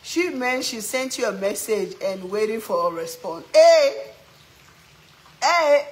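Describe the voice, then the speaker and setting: A woman runs a cooking live stream from her home kitchen, reading viewers' comments, chatting, and teasing them as she cooks, animated and often exclaiming. Her mid-range voice moves at normal speed on a rough recording.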